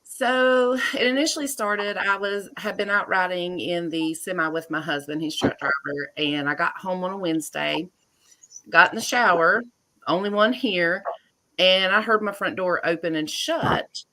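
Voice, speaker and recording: A woman, a homeowner and guest, telling her story in casual, animated talk on a video call. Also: lowish voice, moderate pace, slight background noise. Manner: chatty, animated retelling with laughs.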